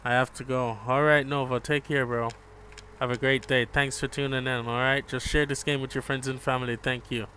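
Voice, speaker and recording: A man giving relaxed live gameplay commentary, chatting with viewers and calling them bro. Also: mid-range voice, brisk, slight background noise. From Jamaica. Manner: laid-back, chats with viewers, calls them bro. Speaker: gaming streamer.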